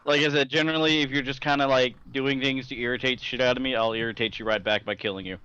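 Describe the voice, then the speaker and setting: A man's voice: medium pitch, fairly even intonation, quick pace, bright, forceful tone, clean tone, no room sound, lo-fi sound. A young man co-hosting a casual gaming podcast, blunt and joking, swearing casually as he tells stories. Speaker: podcast co-host, dungeon master. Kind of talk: casual chat.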